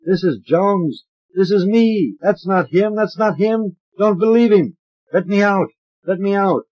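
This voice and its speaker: A man reading an audiobook, voicing a man trapped deep inside a body who screams to be let out. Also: measured pace. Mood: terrified. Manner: shrill, panicked screaming. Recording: dull lo-fi transfer of an old record.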